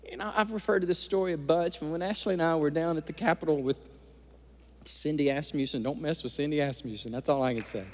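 A man's voice: on the high side, fast. A male pastor preaching an impassioned sermon in a church. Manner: impassioned preaching, tearful at times. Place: church sanctuary. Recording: long hall reverb.

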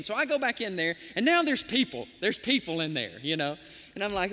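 Preaching with lots of animation, a male pastor tells stories and voices each of their characters. He speaks a little fast in a high-sitting voice, and the audio has a large-room quality.

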